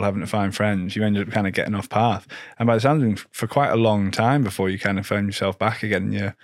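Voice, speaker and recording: A man hosting a podcast, relaxed and conversational, asking easy follow-up questions. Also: on the low side, no echo, clean studio sound. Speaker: podcast host. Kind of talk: casual interview chat.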